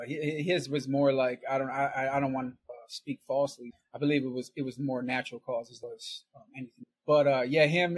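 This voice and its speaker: A man's voice: medium pitch, slight background noise. A middle-aged man telling a long, rambling story in casual chat, laughing often and tagging "right?" and "man" onto his lines. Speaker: podcast guest storyteller.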